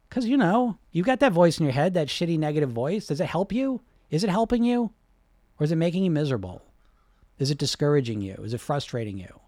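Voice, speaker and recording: A man coaching on weight loss and hypnosis in a casual, animated talk, often swearing and asking "right?". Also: on the high side, no room sound, clean studio sound. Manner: animated, swears freely, many fillers like "right?".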